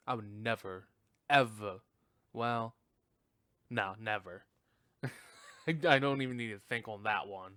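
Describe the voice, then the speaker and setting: A man hosting a podcast, reviewing a film in casual chat, profane and animated, laughing often. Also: medium pitch, no echo, clean studio sound. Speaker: podcast host.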